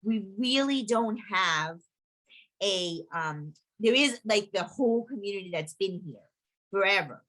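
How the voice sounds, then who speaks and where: A middle-aged woman with a clear New York accent presents over a video call, her pitch sitting right in the middle of the usual range. She talks loosely and conversationally, dropping frequent fillers and restarting her sentences as she goes. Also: animated, measured pace, a bit bright, poor audio. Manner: chatty, full of fillers and restarts. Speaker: historical society presenter.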